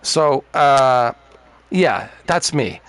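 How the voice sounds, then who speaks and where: A man's voice: mid-range voice, animated, very slow, fairly bright tone, clear, resonant tone. A man ranting bluntly and profanely in a casual gaming party chat. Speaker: streamer.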